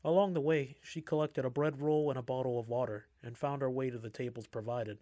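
Guy narrating a story, steady measured reading, very dry close sound. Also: mid-range voice, no echo.

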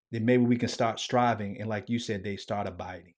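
A man hosting a faith podcast, earnest, often dropping to a hushed tone. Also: on the low side, fairly quick, few pauses. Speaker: podcast host.

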